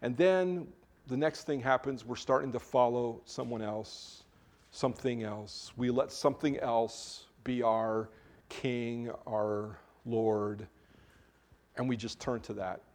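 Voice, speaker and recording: Male pastor, mid-pitched, chatty sermon delivery, restarts mid-sentence, easy humor. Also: steady tone, slow pace, darkish tone. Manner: informal, self-correcting, joking asides. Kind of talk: conversational sermon.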